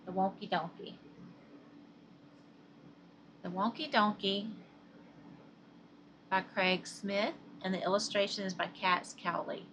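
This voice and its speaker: A woman's voice: medium pitch, level tone, moderate pace, few pauses, a bit bright, a little hiss or hum. A middle-aged woman with a Southern American accent, chatting casually and rambling to her viewers in a crochet vlog, laughing often. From Southern United States. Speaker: crochet vlogger.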